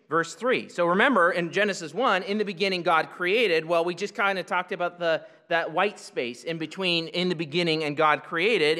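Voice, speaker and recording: A man delivers a sermon in a bright, forceful voice pitched a little high for a man. He teaches patiently, slowing down to stress key phrases and sometimes stumbling over restarts. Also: long reverb tail. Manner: teaching, explanatory, with many restarts and slow emphatic phrases. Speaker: pastor.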